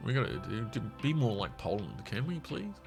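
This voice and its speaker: Gravelly, blunt-ranting Australian man. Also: mid-range voice, sing-song, fairly quick, soft background music. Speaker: commentator. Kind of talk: casual commentary while scrolling a social media feed.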